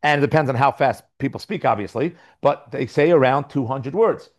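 A man giving a Talmud class lecture, explaining lively, posing and answering his own questions and reading passages aloud. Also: mid-range voice, a little fast. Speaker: Talmud teacher.

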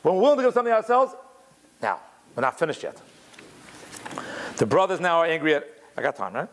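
A man teaching a Torah class in an animated way, explaining commentary, restarting often and mixing in Hebrew terms. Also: on the high side, quick pace, slight background noise.

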